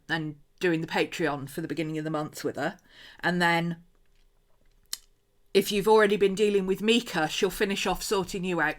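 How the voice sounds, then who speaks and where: A woman hosting a casual craft livestream at home, rambling chattily with frequent laughs and asides while she paints. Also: fairly low pitch. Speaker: host.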